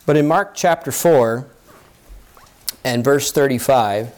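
A man preaching a sermon, reading scripture aloud and talking plainly to a congregation, his voice climbing high when he voices people's pleas and dropping low and soft to reassure. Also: slow pace. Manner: reads scripture aloud, then rises high and loud in acted pleas.

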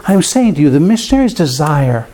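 A man preaching in a church, telling a personal story with lots of repeated words and big swings in pitch for emphasis. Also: sing-song, fairly quick, mellow. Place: church room with a piano.

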